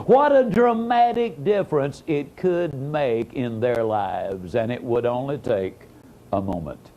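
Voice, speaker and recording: A man giving a motivational speech, telling a story with dramatic swings between emphatic and hushed phrases. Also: mid-range voice, very animated, takes it slowly, dull audio. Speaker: motivational speaker.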